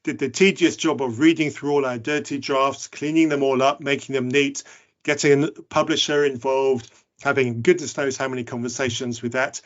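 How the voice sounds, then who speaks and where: A man's voice: mid-range voice, steady tone, moderate pace, dull audio. Playful male podcast host. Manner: playful, jokey, enthusiastic. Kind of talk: podcast interview.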